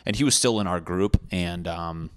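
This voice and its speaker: Young guy, very low voice, dry room, crude storyteller who swears a lot and rambles. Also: normal speed, clean tone, dry recording. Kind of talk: casual storytelling monologue.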